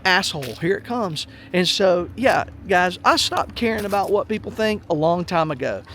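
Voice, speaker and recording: A man's voice: sits high, expressive, moderate pace, fairly bright tone, slight background noise. A middle-aged man telling a story in a blunt, profane, heated rant to his viewers. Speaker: vlog host. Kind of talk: blunt ranting monologue.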